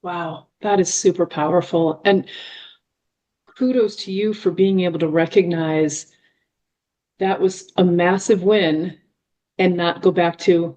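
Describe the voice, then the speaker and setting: A woman with a fairly low voice hosting an interview. She asks questions and responds with encouraging affirmations. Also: steady tone, unhurried, long pauses, mellow, poor audio. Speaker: host and chiropractor.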